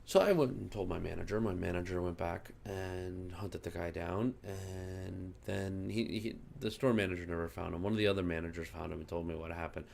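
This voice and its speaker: Gravelly low-voiced man ranting. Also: a little fast, hardly any pauses, darkish tone, a little hiss or hum. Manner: heated, profane storytelling. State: still angry and fuming. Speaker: gaming channel host. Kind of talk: casual ranting vlog.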